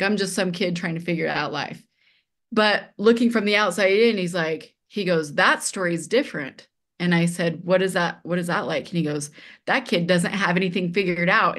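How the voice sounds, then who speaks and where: A middle-aged woman guest who chats casually and tells stories with animation, acting out quoted dialogue and using lots of "like.". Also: lowish voice. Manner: animated, acts out quoted dialogue, many fillers like "like". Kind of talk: casual conversational storytelling.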